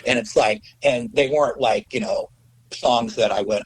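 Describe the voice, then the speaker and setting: A man's voice: lowish voice, fairly even intonation, a little fast, creaky, husky, poor audio. A middle-aged man, a musician guest, telling stories in a rambling, casual way, full of "you know" and swearing. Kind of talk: casual storytelling.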